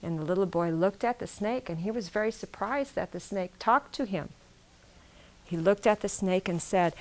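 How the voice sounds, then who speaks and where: A woman tells a traditional story aloud to a live audience, repeating phrases and asking her listeners questions. Her mid-range voice is a little mellow and moves at a moderate pace.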